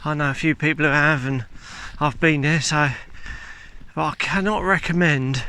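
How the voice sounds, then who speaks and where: On a countryside walk, this man vlogs in a casual, candid way, recording himself with a handheld camera. His voice is on the high side, steady and sharp yet clear and resonant, at normal speed, with faint outdoor ambience around him.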